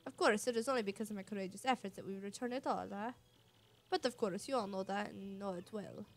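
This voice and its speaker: A woman's voice: medium pitch, quick pace, lightly acted. A woman voicing a vain, boastful adult male showman with a put-on Spanish-flavored accent, speaking grandly and theatrically.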